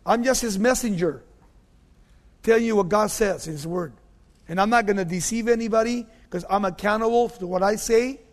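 A high-voiced man preaches a sermon in a hall with a long reverb. He is emphatic, hammers key phrases through repetition, and sinks to hushed, low tones to drive a point home. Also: moderate pace.

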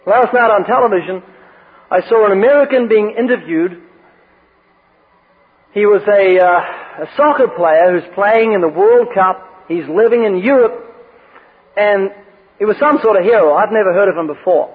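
A high-pitched man delivers a sermon, mixing scripture readings with light, joking stories. His voice is husky and comes through a thin, phone-like radio broadcast that trails off in a long reverb. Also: moderate pace. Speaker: preacher.

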